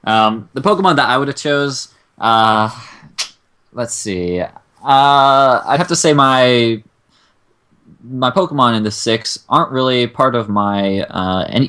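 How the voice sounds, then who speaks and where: A young man co-hosting a casual chat, talking in long, excitable, profane rants. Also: lowish voice. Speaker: co-host.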